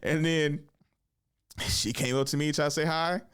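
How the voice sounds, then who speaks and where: Young man, solo podcast host, casual storytelling, smooth clear voice. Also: fairly high pitch, steady tone, moderate pace, fairly bright tone. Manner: loose, profane, laughing.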